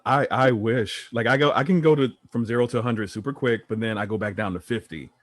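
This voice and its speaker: A man on a podcast, talking in a relaxed, reflective way with a few restarts. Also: mid-range voice, a little fast, no room sound. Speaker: podcast co-host. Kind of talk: casual chat.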